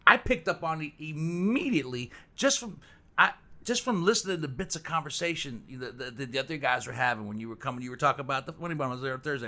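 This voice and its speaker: A man's voice: mid-range voice, pushed and bright. A man hosting an interview, asking long, rambling questions and often repeating his words while he gets to the point. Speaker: podcast host.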